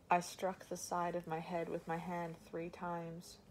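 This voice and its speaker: A woman's voice: on the low side, completely flat delivery, moderate pace, gravelly, few pauses, slight background noise, poor audio. A woman reading a first-person novel aloud as audiobook narration. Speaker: audiobook reader.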